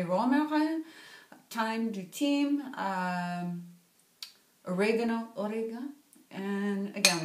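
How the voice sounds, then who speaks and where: A woman's voice: medium pitch, roomy sound, a little hiss or hum. A woman, a cookbook author chatting playfully through a casual cooking vlog and tossing in French words. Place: home kitchen.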